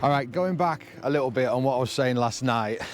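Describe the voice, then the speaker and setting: Middle-aged man, mid-pitched, heartfelt rambling vlog delivery, faint wind outside. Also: a little fast. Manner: earnest, emotional, rambling. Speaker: vlogger. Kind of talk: casual vlog talk to camera. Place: outdoors by the sea, then in a camper van. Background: faint wind and outdoor ambience.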